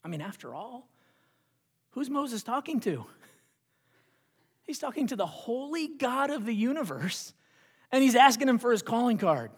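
A pastor preaching a sermon in a church, moving between hushed whispers and rising, repeated phrases. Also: mid-range voice, very animated, normal speed, long pauses, breathy edge. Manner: dramatic, with hushed whispered passages and rising repetitions. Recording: long hall reverb.

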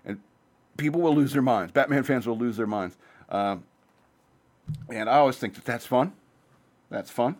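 A man hosting his own show, talking in a loose, rambling, profane monologue that jumps between topics. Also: mid-range voice. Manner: says he talks fast. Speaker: podcast host.

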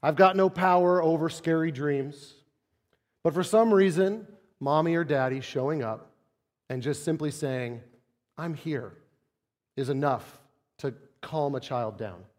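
Conversational male pastor in a reverberant hall. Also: unhurried. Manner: conversational, drops to soft low tones for emphasis. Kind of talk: sermon.

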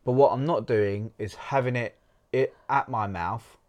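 A man's voice: mid-range voice, unhurried, a little mellow, highs cut off. A man co-hosting a podcast, giving practical advice step by step. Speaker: co-host.

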